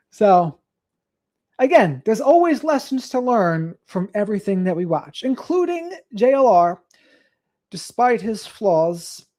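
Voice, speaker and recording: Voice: medium pitch, big pitch swings, slow pace, pauses often, darkish tone. Rambling late-night livestream host. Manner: rambling, reads out viewer comments and drifts into asides. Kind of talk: casual late-night live stream chat.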